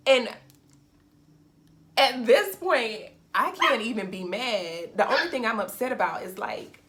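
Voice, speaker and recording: A woman's voice: on the high side, expressive, unhurried, fairly bright tone. A young woman vlogger telling a casual storytime, acting out quotes and laughing often.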